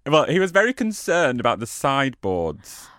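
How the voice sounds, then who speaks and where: A man co-hosting a podcast, chatting casually with quick joking asides. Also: medium pitch, wildly swooping pitch, fairly bright tone, dry recording, clean studio sound. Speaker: podcast co-host. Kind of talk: casual chat.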